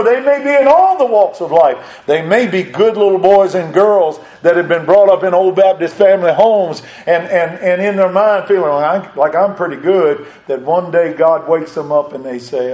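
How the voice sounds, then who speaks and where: A man preaching a sermon, his voice sitting on the higher side. He builds his points through repeated phrases, climbing to loud high peaks and then sinking low and quiet. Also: rough recording. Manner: preaching with rises and drops in pitch and volume; repetitive, emphatic phrasing.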